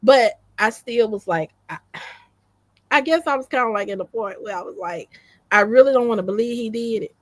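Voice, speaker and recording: A woman's voice: fairly high pitch, moderate pace, no room sound. A woman recounting her own story in casual conversation, repeating phrases and quoting herself. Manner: animated, repeats phrases, quotes herself in dialogue.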